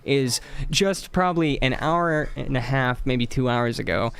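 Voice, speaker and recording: A man's voice: medium pitch, unhurried, vocal fry, fairly bright tone, clean tone. A man hosting a casual group chat, who keeps cutting in to steer it. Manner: talks over others to steer the talk. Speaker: host.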